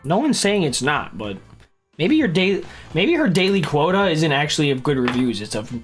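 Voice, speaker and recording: A woman's voice: low voice, sing-song, moderate pace, faint music behind. A woman streaming a game, chatting casually, laughing and swearing as she plays.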